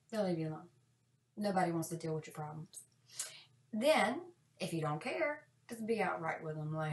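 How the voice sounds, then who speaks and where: A woman giving sassy, deadpan, folksy comic advice in a monologue. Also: lowish voice, moderate pace. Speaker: parenting comedy vlogger. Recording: echoey room, distant mic.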